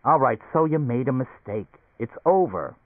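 A man's voice: medium pitch, lively intonation, normal speed, no room sound. A man voicing a pushy, blustering middle-aged male company boss in an audiobook, talking insistently and hectoring. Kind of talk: audiobook character voice. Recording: tinny narrow-band recording, dry.

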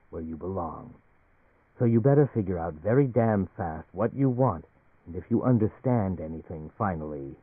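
A man reading the part of a menacing tall industrialist in a story, speaking low, quiet and stern. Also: no echo, natural voice. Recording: tinny radio broadcast.

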